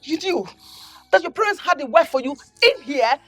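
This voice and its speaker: A woman's voice: sits high, sing-song, moderate pace, fairly bright tone, soft background music. An actress with a Nigerian accent playing a betrayed young woman who lashes out at her lover. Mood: furious. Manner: accusing, bitter. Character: jilted young woman, furious then resigned.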